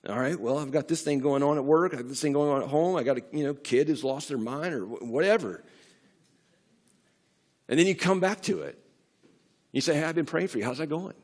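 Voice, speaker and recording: Conversational, somewhat high-voiced male pastor. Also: darkish tone. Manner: conversational, halting with restarts, rising to emphatic peaks. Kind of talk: sermon. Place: church sanctuary.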